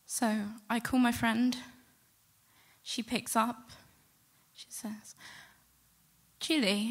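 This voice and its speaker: Woman telling a lively story. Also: a little high, very slow, pauses often. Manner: lively, animated retelling with acted-out quotes. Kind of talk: live storytelling to an audience. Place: stage before a live audience.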